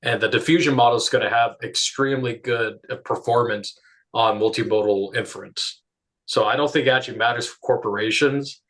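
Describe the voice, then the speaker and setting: A man's voice: mid-range voice, fairly even intonation, a little fast, a bit bright. Man musing aloud with lots of hedging. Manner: hedging, thinks aloud with many "like" fillers. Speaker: discussion participant. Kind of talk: casual technical discussion.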